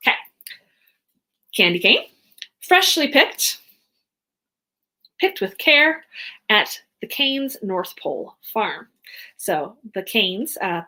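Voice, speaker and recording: A woman's voice: lowish voice, a bit bright, low-quality recording. Young woman, rambling live-stream chat, lots of ums, slightly worn voice. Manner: rambling, chatty, many fillers. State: voice going hoarse. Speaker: author hosting a live stream. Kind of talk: casual live-stream chat while packing boxes.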